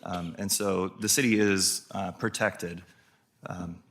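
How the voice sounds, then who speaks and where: A man from city staff explaining a franchise agreement to the council in a measured way with fillers. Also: sits low, fairly even intonation, a bit bright.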